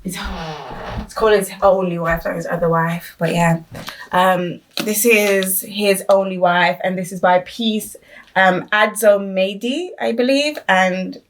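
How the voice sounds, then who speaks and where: A woman's voice: medium pitch, unhurried. A young woman in her twenties chatting casually through a book unboxing vlog, trailing off with frequent ums and restarting her sentences. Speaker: book vlogger. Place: at home.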